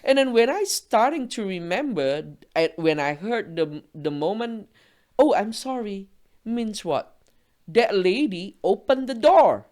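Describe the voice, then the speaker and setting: A woman's voice: medium pitch, very animated, a little slow, darkish tone. Non-native English-speaking woman, emphatic ranting storyteller, laughs often. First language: not English. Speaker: guest. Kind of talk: animated storytelling.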